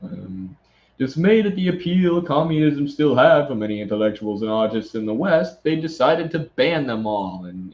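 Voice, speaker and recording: A man's voice: mid-range voice, dull audio. A man who hosts the show, reading an article aloud and breaking in with sarcastic, mocking asides. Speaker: host.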